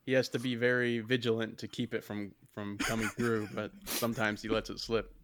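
A man's voice: on the low side, little pitch movement, fairly quick, noisy background. A man co-hosting a casual podcast, teasing his friends as they chat. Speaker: podcast co-host.

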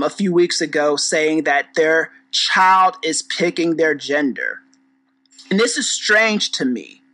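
Blunt, profane podcast host with a bright voice. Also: medium pitch, rough recording. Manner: rambling with restarts. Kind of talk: casual commentary rant.

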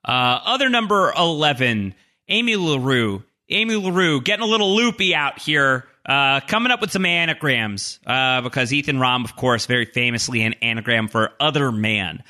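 A man's voice: medium pitch, expressive, normal speed, bright, forceful tone. A man co-hosting a podcast, reading listener mail aloud with jokey, self-deprecating asides. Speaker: podcast co-host.

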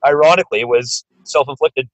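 A man's voice: mid-range voice, a little fast, no echo, muffled recording. A man co-hosting a podcast, chatting casually and telling stories with acted-out quotes. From Canada. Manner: animated storyteller, acts out quotes. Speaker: podcast co-host. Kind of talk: casual chat.

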